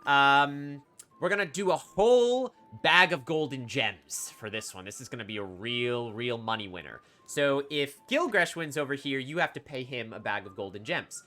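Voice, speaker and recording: A man voicing a brisk female tavern keeper who talks in a lively, coaxing way. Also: mid-range voice, soft background music.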